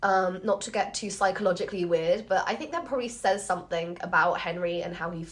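A woman's voice: fairly low pitch, fast talker. A woman co-hosting a casual history podcast, chatty and full of fillers, often laughing as she talks. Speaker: podcast co-host.

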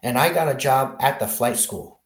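A man being interviewed as a helicopter pilot, telling his career story in a lively way and often restarting his sentences. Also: mid-range voice, normal speed. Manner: animated storyteller, many restarts. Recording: roomy echo.

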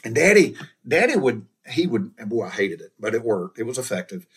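Husky Southern man telling a rambling story. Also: medium pitch, big pitch swings, fairly quick. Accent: Southern American. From American South. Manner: rambling, folksy, repeats and restarts words. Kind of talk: casual personal storytelling.

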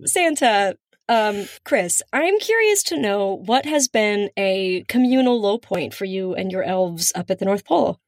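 A woman's voice: mid-range voice, expressive, measured pace, few pauses, dry recording, studio quality. Giggly woman co-host asking questions. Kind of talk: comedic interview.

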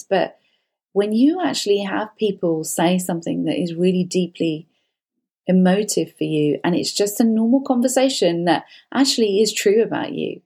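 A woman's voice: mid-range voice, mellow, husky. A woman therapist giving earnest advice as a guest, building emphatic lists of repeated phrases.

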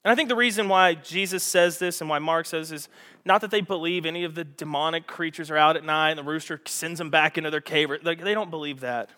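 A man preaching a sermon to a congregation, animated and storytelling, acting out scenes with raised voices. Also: fairly high pitch, fairly quick. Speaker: pastor. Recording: echoey hall.

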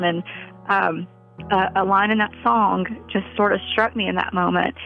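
Gravelly-voiced mother telling her story. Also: mid-range voice, fairly even intonation, soft background music. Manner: earnest, halting, with many fillers. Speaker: interviewee, mother. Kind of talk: emotional personal interview. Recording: slightly muffled, dull audio.

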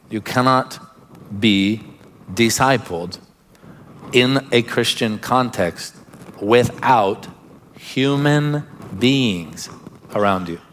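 A man's voice: lowish voice, a bit bright, in a large hall, a little hiss or hum. A man preaching a sermon as pastor, emphatic, breaking into laughing asides and urging listeners to pay attention.

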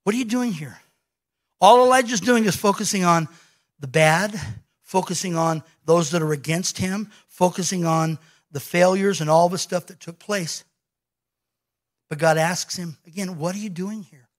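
A male pastor preaching a sermon, telling a scripture story in an animated way and acting out the quoted lines. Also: sits high, normal speed.

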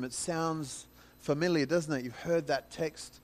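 A pastor preaching a sermon in a conversational way, acting out scripture in dramatic paraphrase. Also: male voice, on the high side, moderate pace.

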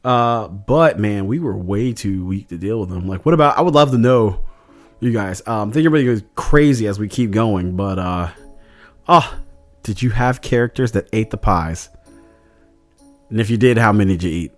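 A man's voice: lowish voice, animated, normal speed, faint music behind. A man casually recapping his tabletop game session as a podcast host, rambling with lots of fillers. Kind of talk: casual chat.

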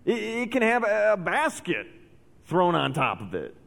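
A man preaching to his congregation in a fairly high voice. His sermon swings between animated storytelling and hushed, weighty emphasis. The long reverb of a large church hall trails after each phrase. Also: a little slow, gravelly. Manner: animated storytelling, dropping to soft intense emphasis. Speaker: pastor.

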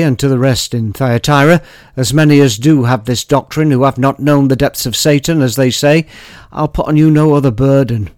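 A man reciting scripture and his own poems, then explaining them, in a measured, emphatic way with pauses. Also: medium pitch, dry recording, studio quality. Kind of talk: dramatic poetry and scripture reading.

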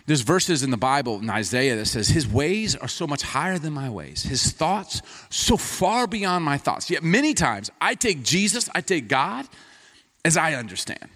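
A man's voice: medium pitch, fairly bright tone. A male pastor preaching a sermon in a conversational storytelling way, acting out dialogue. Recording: reverberant hall.

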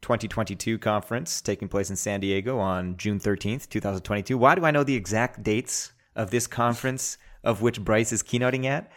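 Low-voiced laughing podcast host man. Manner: joking, laughs often. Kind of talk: casual podcast chat.

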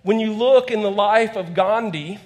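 This thirty-something pastor has a high-sitting, slightly mellow voice and talks at a normal speed. His sermon in church is conversational and full of stories in which he acts out the quotes.

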